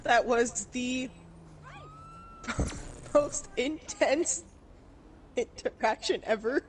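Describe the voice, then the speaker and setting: A woman's voice: high voice, drawn-out words, slight background noise. A woman with a Canadian accent, a streamer casually telling a story, laughing often and swearing freely.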